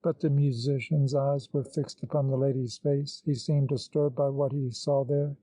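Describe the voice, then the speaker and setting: A man narrating an audiobook in a measured, literary storytelling manner. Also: medium pitch, level tone, mellow, no echo, low-quality recording.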